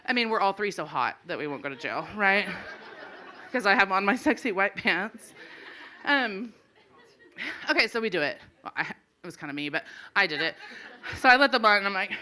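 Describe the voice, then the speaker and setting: Woman, 40s, live storyteller; bright, slightly high voice, animated and giggly. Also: normal speed, pauses often. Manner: animated, laughing through lines, acting out quoted voices. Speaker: storyteller comedian. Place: small live venue stage.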